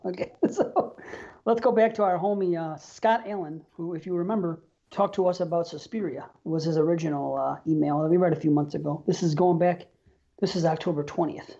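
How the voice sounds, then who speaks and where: A man's voice: a little high, vocal fry, warm tone, dull audio. A man co-hosting a horror podcast in casual chat, rambling, swearing and trailing off mid-thought. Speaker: podcast co-host.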